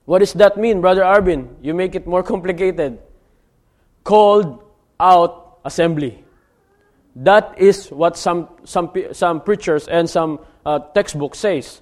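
High-voiced man preaching with rising fervor. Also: a little slow. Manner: exhortative, rising to near-shouting climaxes, repetitive. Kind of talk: sermon.

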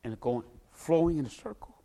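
A man telling a dramatic personal story, acting out the people in it and bursting into shouts at the tense moments. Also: a little high, brisk, gravelly. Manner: acts out the people in his story. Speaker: storyteller giving a personal testimony.

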